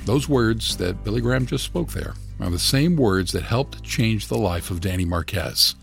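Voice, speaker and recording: A man co-hosting a podcast, reading a scripted closing with a warm delivery. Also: on the low side, animated, normal speed, vocal fry, soft background music. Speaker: podcast co-host.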